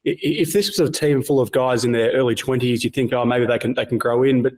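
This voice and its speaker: Male journalist guest, fast considered answers on a remote line. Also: medium pitch, fairly even intonation, darkish tone. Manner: quick, thoughtful, with restarts. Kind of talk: podcast interview.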